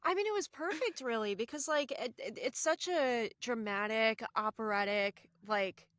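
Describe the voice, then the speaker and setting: A woman's voice: a little high, fairly bright tone, no echo, studio quality. A woman co-hosting a podcast, chatting casually and enthusiastically about a cartoon episode. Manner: enthusiastic, quick to agree and laugh. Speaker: podcast co-host.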